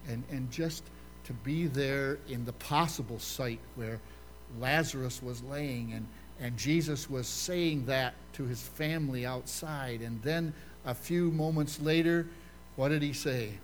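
A man's voice: mid-range voice, measured pace, a little hiss or hum. An older male pastor giving a conversational sermon in a church, often stopping to put questions to his listeners. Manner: quizzes the congregation with questions.

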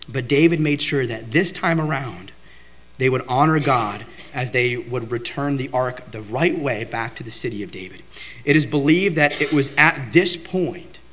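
Man, sermon, slightly high voice, emphatic pleading build-ups. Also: fairly bright tone. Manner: builds to raised, emphatic pleading when voicing prayer. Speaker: pastor.

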